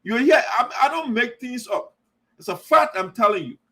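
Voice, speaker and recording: A man's voice: extremely high pitch, lively intonation, moderate pace, pushed and bright. A man hosting a live online talk show, arguing passionately with callers and repeating his points. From Liberia. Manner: impassioned, repetitive, argumentative. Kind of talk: live call-in commentary.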